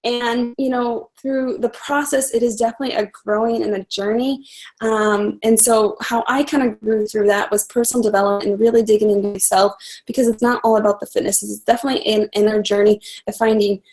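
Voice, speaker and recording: A young woman with a slightly high voice tells her own story on a live call. She speaks earnestly and from the heart, rushing ahead with quick restarts. It sounds like a casual, unscripted testimonial. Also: fairly even intonation, darkish tone, low-quality recording. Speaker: coach sharing her story.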